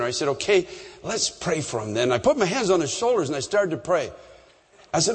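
A man from Canada preaching a storytelling sermon, animated and rising in pitch at the high points. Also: brisk, slightly rough. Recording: long reverb in a large hall.

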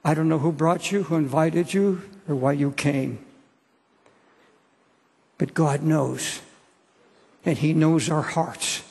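A man's voice: a little high, slow, creaky, pauses often, a little mellow, husky. A man in his seventies preaching an earnest sermon to a congregation, repeating phrases for emphasis. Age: 70s. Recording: long hall reverb.

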